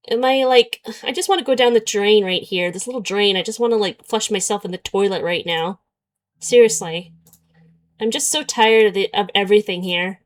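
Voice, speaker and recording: A woman's voice: mid-range voice, normal speed. A young woman streaming a story game, chatting casually and sarcastically, often breaking into laughter.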